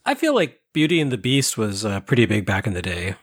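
A man's voice: fairly low pitch, big pitch swings, fairly quick. A man on a casual movie podcast, making dry, wry remarks.

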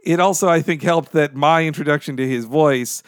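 A man as a podcast guest, telling stories in an enthusiastic, animated way. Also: on the high side, moderate pace, no echo, studio quality. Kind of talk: casual podcast chat.

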